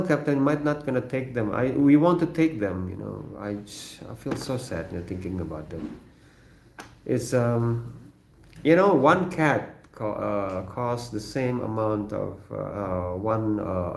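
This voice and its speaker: A man from Indonesia with an Indonesian accent, hosting a casual livestream from his kitchen, answering viewer comments in a halting way with many fillers and frequent chuckles. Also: on the low side, gravelly. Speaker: livestream host. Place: home kitchen. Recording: roomy echo.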